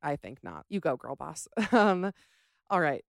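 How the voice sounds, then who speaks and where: A woman's voice: deep voice, measured pace, creaky, no room sound, clean studio sound. A young adult woman hosting a podcast, chatting casually and ranting with sass about listener stories. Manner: sassy, animated, ranting. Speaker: podcast host.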